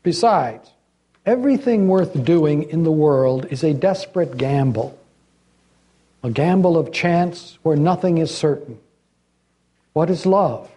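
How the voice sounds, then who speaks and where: An older man, a retired pastor, preaching a sermon and reading passages in a measured, deliberate way. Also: fairly high pitch, animated, dark tone.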